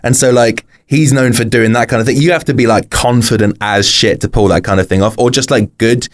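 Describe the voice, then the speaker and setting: A man's voice: medium pitch, steady tone, fairly quick. A British man chatting casually on a podcast as a guest, explaining things in rambling sentences full of fillers. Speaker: podcast guest, rapper and author.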